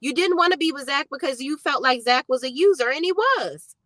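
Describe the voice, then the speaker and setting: A woman's voice: high-pitched, lively intonation, fairly quick, fairly bright tone, no echo. Woman, casual recap vlog, blunt, sassy, profane, dry close sound. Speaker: TV recap vlogger.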